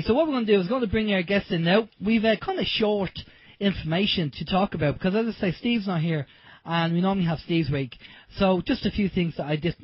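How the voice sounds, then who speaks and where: A man's voice: high-pitched, husky, dry recording, lo-fi sound. An Irish man hosting an internet radio show, chatty and rambling with lots of fillers. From Ireland. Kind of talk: casual radio talk.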